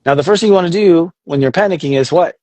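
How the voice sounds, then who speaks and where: A man talking casually as a guest on a podcast, animated, often acting out inner voices in quotes and swearing now and then. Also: on the high side, quick pace, no echo. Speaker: astrologer guest.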